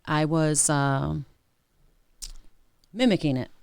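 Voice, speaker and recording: A chatty woman talks casually on a podcast, her voice low and smooth. She sounds close and dry, with no room around her. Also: slow, darkish tone, dry recording. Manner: chatty, drops into mimicked accents. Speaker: podcast co-host.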